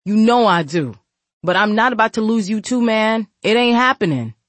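A woman puts on a grieving young man who won't let his sister give up, talking blunt street slang. His voice is raised, loud and pressing. The reading is dry and close, with no room around it. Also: medium pitch, moderate pace, dry recording, pitched above the performer's own voice, close to an everyday voice. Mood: forceful. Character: tough young man, grieving protective older brother.

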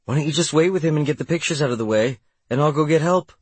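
A friendly but stubborn young woman, put on by a male audiobook narrator, coaxing and insisting in a raised, lifted voice. A husky edge runs under it, and the sound is dry and close. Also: fairly high pitch, quick pace, no echo, voice pushed up.

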